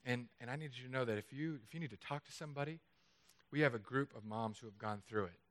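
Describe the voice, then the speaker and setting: A man preaching a sermon in a chapel, lively and conversational, with jokes. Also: medium pitch, fast talker. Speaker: pastor.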